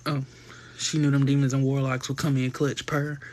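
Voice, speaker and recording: A man hosting a live stream, chatting casually and telling gossipy stories full of slang and quick asides. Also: medium pitch, level tone, darkish tone. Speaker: livestream host.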